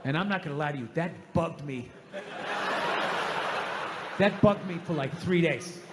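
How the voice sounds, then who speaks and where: A man's voice: fairly high pitch, unhurried, heavy background noise. A middle-aged man doing a stand-up comedy set, telling profane, exasperated stories in a ranting way. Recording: live stage recording with hall reverb.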